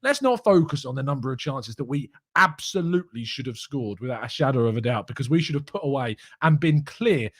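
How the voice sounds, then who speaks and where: A man's voice: mid-range voice, expressive, fairly quick, few pauses, breathy edge, no room sound, studio quality. A young man hosting a fan live stream, giddy and mocking, laughing often as he reads out chat messages. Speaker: fan channel host reading live chat.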